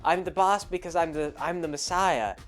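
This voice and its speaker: A man's voice: on the high side, normal speed, faint music behind, natural voice. A man voicing a cheerful, self-assured young man who claims to be a messiah and coaxes others as if talking to a dog. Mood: breezy, coaxing. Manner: bright, coaxing, like talking to a dog.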